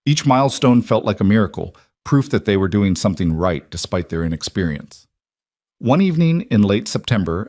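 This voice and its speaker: A man narrating a western story in a steady, measured manner. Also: fairly low pitch, dry recording, studio quality.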